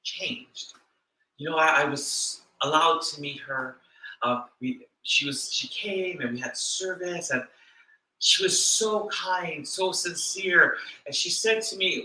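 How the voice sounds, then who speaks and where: A man preaching a sermon as a church minister, earnest and reflective, pausing and repeating words as he speaks. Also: high-pitched, bright, forceful tone, roomy sound, poor audio. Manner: earnest, reflective, with pauses and repetitions. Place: church hall.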